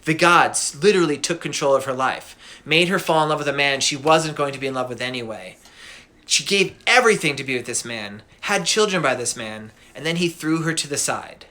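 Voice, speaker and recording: A man casually retelling a myth as a podcast host, animated and slangy with laughing asides. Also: a little high, fairly quick.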